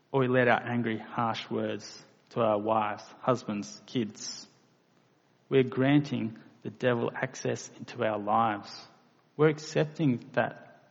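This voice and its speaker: A man's voice: medium pitch, gravelly. A man preaching a sermon, earnest and plain-spoken, acting out quoted voices now and then. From Australia. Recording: lo-fi recording in a reverberant hall.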